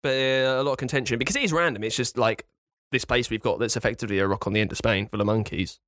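A man co-hosting a podcast, telling a story in a lively, jokey way. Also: mid-range voice, fast talker, no room sound, clean studio sound. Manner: lively storytelling, jokey mock-Spanish asides. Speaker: podcast co-host telling a fact. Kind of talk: casual chat.

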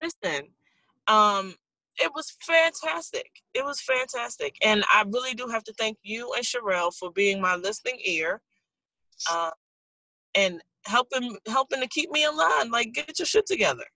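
Bright, lively woman chatting. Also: on the high side, measured pace, creaky, dry recording, poor audio. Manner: animated storytelling, laughs often. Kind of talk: casual chat.

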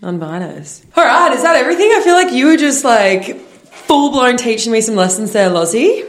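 A woman podcast co-host with a husky, deep voice, chatting casually and chiming in with playful remarks. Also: animated, roomy sound. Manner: playful, quick interjections. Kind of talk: casual chat.

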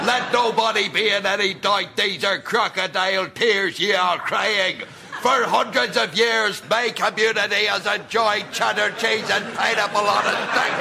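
A man's voice: high-pitched, creaky, noisy background. A man playing a pompous, indignant unionist in a comedy sketch, speechifying. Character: pompous stubborn male Ulster unionist.

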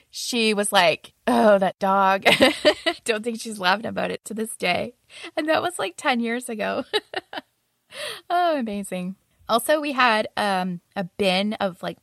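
A woman's voice: mid-range voice, fairly bright tone, no room sound, studio quality. A young adult woman casually telling stories about her roommates, often laughing as she talks. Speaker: storyteller.

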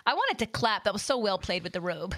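A woman's voice: medium pitch, sing-song, fairly bright tone, no echo. A woman co-hosting a casual book-club podcast, chatty and full of questions. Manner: chatty, questioning, halting restarts. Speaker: podcast co-host.

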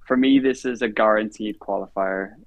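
A man's voice: on the low side, moderate pace, no echo, highs cut off. A man giving confident, emphatic opinions as a panelist. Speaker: podcast panelist.

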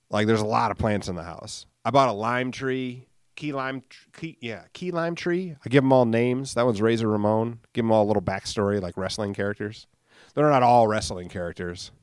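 Speaking in a smooth, lowish voice, a man in his late thirties rambles through his solo podcast with lots of fillers, self-deprecating humor and swearing. It's recorded on a studio microphone, studio quality, with no echo.

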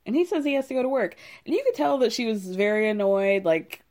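A woman's voice: fairly high pitch, sing-song, brisk, darkish tone. A woman hosting a casual recap podcast, talking in a sassy, wry way with frequent asides. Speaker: podcast host recapping reality TV.

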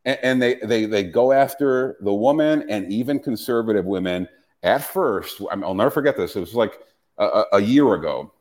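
A man on a podcast who rants in an animated, swearing way. His pitch swings widely as he jumps between points. He keeps restarting his sentences as he goes. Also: moderate pace. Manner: ranting, profane, animated, with frequent restarts. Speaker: podcast host. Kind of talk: casual podcast chat.

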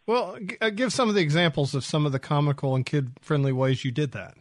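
A man hosts an interview in a relaxed, rambling way, peppered with fillers. His voice sits a little high for a man, and the sound is dry and close. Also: fast talker, no room sound. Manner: chatty, easygoing, many fillers. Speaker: host. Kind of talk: radio interview.

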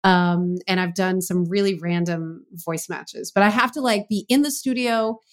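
A woman actress and voice actress, a podcast guest, chatting in an animated, playful way. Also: on the low side, normal speed. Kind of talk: casual interview chat.

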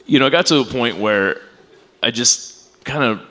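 A man's voice: mid-range voice, normal speed, pushed and bright. A man co-hosting a podcast at a live taping, telling a personal story in a candid, rambling way. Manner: candid, rambling with fillers and restarts. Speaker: podcast co-host.

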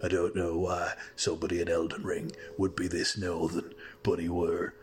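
A man's voice: sits low, monotone, normal speed, a little hiss or hum. A man giving a wry, meandering recap of his game progress, full of hesitant fillers. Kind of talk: recorded gameplay recap.

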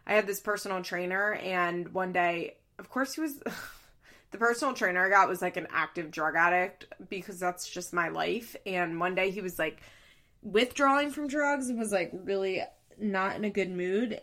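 A woman's voice: medium pitch, animated, moderate pace, fairly bright tone. Chatty, opinionated woman recapping. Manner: chatty, opinionated, acts out quotes in other voices. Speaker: commentator recapping a reality show. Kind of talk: casual chat.

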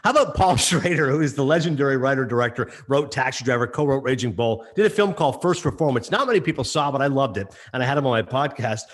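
A man guesting on a podcast, talking with quick enthusiasm as he retells stories in casual conversation. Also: medium pitch, lively intonation. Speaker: podcast guest, sports broadcaster.

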